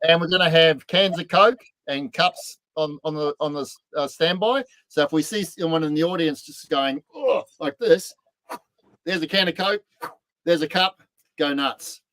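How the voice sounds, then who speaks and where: Animated man, slightly high, dry. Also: normal speed, dry recording, low-quality recording. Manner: animated, laughing storyteller. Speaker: podcast co-host. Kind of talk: casual chat.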